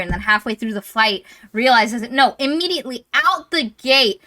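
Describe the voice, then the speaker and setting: A woman's voice: fairly high pitch, expressive, moderate pace, sharp tone. A woman co-hosting a podcast, rambling through an exasperated, casual recap of a book's plot. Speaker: podcast co-host. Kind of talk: casual book-roast chat.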